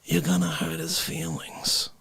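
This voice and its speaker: A man's voice: a little high, level tone, a little slow, vocal fry, fairly bright tone, slight background noise, exaggerated voice. A man voicing an indignant, negative ex-newscaster who talks in a huffy, self-important way. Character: indignant, negative middle-aged male ex-newscaster.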